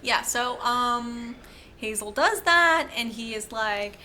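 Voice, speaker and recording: A woman's voice: on the high side, animated, takes it slowly, sharp tone, slight background noise. A woman co-hosting a podcast, recapping a film in casual chat with lots of fillers and profanity. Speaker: podcast co-host.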